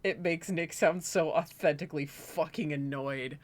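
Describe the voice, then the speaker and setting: A man's voice: a little high, moderate pace. A man co-hosting a stream, chatting casually, rambling with frequent laughter and swearing. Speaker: streamer co-host. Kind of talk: casual chat.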